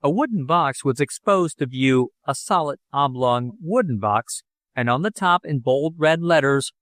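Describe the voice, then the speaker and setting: Expressive male audiobook narrator. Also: mid-range voice, normal speed, no echo. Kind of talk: scripted narration.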